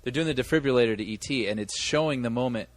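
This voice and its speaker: A man's voice: medium pitch, fast, no room sound. A man co-hosting a movie podcast, telling a long story in casual chat with many restarts. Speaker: podcast co-host.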